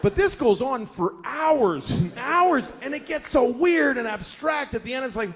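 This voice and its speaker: A man's voice: extremely high pitch, lively intonation, a little slow, few pauses, a bit bright. A man in his forties doing stand-up comedy, telling stories in a profane, exasperated way.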